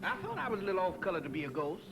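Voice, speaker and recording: An actor playing a jittery, easily frightened manservant in a 1940s film, yelping in fright and using folksy grammar. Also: male voice, sits high, sing-song, very fast. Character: jittery comic male manservant, easily scared.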